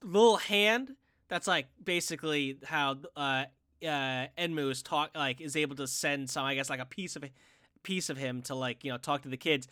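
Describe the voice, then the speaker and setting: Excitable bright-voiced man chatting anime. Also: fairly high pitch, dry recording, clean studio sound. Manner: excitable, animated, frequent restarts. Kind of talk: casual anime discussion.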